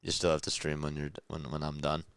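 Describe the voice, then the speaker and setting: Deep, gravelly-voiced man, calm play-by-play. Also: quick pace, no room sound. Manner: calm, hushed, keeping voice down; reads chat messages aloud between pitches. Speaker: play-by-play host. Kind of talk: quiet radio-style play-by-play and chat.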